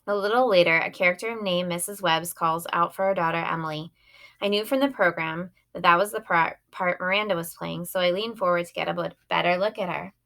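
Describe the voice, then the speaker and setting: Lady reading a kids' book aloud, lowish voice, plain easy narration. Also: fairly quick, vocal fry, fairly bright tone. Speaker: audiobook reader. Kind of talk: first-person storybook narration.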